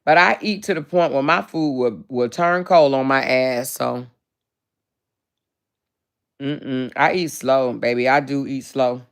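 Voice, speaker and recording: Woman host, casual live chat; smooth clear tone, animated and profane, reads comments aloud. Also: very deep voice, slow pace. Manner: animated, salty and profane, drawling endearments like child and baby. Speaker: livestream host. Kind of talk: casual livestream chat reading viewer comments.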